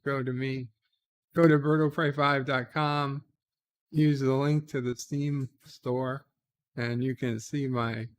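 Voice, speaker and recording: A man's voice: medium pitch, a bit bright. A man hosting a casual live stream, reading viewer comments aloud and answering them offhand, with frequent "uh" hesitations. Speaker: livestream host reading viewer chat. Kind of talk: casual late-night live stream chat.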